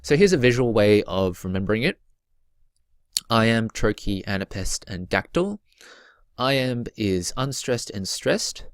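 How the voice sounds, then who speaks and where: Low-voiced man teaching poetry rhythm. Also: lively intonation, takes it slowly, clear, resonant tone, dry recording. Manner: patient, repeats key points, chants rhythms aloud. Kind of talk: recorded slideshow lesson.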